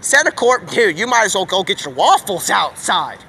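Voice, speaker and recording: A man live streaming outdoors, rambling excitedly in slangy talk as he jumps from one topic to the next. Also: high voice, moderate pace, vocal fry, a little hiss or hum. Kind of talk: rambling stream-of-consciousness monologue.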